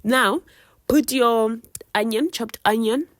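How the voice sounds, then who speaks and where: A woman's voice: fairly high pitch, takes it slowly, no echo, clean studio sound. A woman with a South African accent chatting casually through a home cooking vlog, teasing viewers with playful life advice. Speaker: cooking vlogger.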